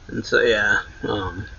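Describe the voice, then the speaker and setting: A man hosting a manga reaction, casually retelling a chapter and reading its lines aloud with a louder, higher voice for the quotes. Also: creaky, husky, highs cut off.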